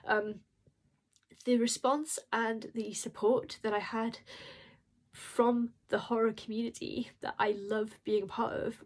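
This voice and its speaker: A woman's voice: a little high, level tone, takes it slowly. A woman who is an indie horror author, talking casually to camera in an emotional, rambling and apologetic way. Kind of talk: casual vlog talk.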